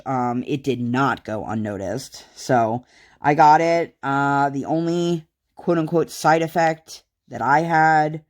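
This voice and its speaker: Casting: woman, 30s, low voice, chatty rambling vlogger, lots of "um" and "like". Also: a little mellow. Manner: rambling, many fillers. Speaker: craft vlogger. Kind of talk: casual chat.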